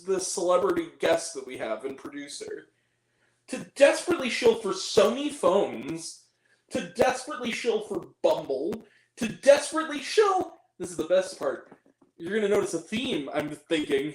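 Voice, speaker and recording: A movie reviewer tears into a film with sarcastic exasperation, his slightly mellow voice swooping widely in pitch as he rants. He laughs at the absurd parts, and his voice carries a roomy echo.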